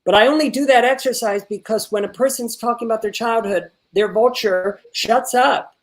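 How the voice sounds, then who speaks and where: A man teaching an online acting workshop. He is animated and repeats words when excited, and he swears casually while giving feedback. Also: very high-pitched, normal speed. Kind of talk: coaching an actor in an online workshop.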